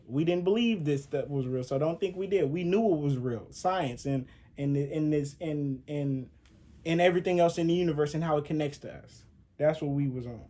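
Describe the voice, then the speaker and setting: A man's voice: fairly high pitch, dark tone. A young man, talking casually over pictures in loose, slangy speech with frequent restarts. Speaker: channel host.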